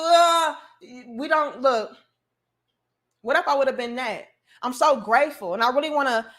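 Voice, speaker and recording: A high, bright-toned woman. She delivers a casual but preachy opinion monologue with plenty of emphasis. Her voice sits well above the usual range. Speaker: commentary show host.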